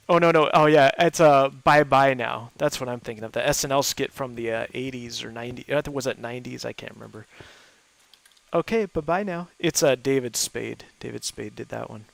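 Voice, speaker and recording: A chatty, easygoing man talks casually with friends while playing a game. His voice has a gravelly edge and sits at a middle pitch, and he often stops to think out loud. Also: steady tone, fairly quick, no echo. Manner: thinks aloud with fillers. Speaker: gaming host playing with friends. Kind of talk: casual chat while gaming.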